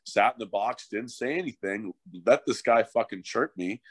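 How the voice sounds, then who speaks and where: A man's voice: lowish voice, moderate pace, breathy edge, no echo. A middle-aged man, a former hockey fighter turned coach, telling stories in a casual, profane podcast chat. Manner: profane, animated storyteller.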